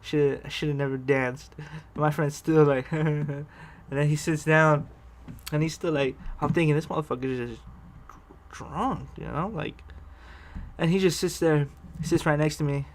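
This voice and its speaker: A man rambles through a personal story in casual vlog fashion, cursing freely and cutting himself off to restart. He chuckles often as he goes, and his voice sits a little higher than most men's. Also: fairly even intonation, normal speed, slight background noise. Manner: rambling, profane, laughs often. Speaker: vlogger telling personal stories.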